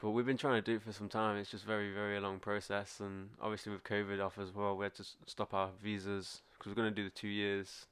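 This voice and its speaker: A man's voice: lowish voice, little pitch movement, fast talker, hardly any pauses, fairly bright tone, clean tone. A man who is a musician, chatting easily on a podcast, giving short agreeing replies and laughing easily. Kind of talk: casual podcast chat.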